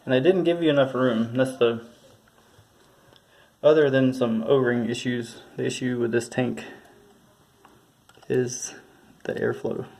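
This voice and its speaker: A man giving a casual hands-on tutorial, talking in a halting, mumbling way as he works, recorded on a phone. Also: mid-range voice, steady tone, creaky, darkish tone. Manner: mumbling, halting, thinking aloud. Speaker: tutorial presenter. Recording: faint background noise from phone recording.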